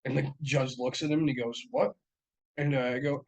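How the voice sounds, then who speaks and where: Swearing and rambling, a young man co-hosting a casual podcast fills his long stories with fillers and frequent laughs. He talks fast in a mid-range, darkish voice, and the recording sounds muffled.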